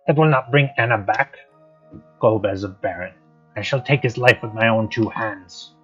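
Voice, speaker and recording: A man reading the lines of a grieving, vengeful old male sage from a game, slow and grave. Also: lowish voice, slightly rough. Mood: grim. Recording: dull lo-fi stream audio, faint guitar music.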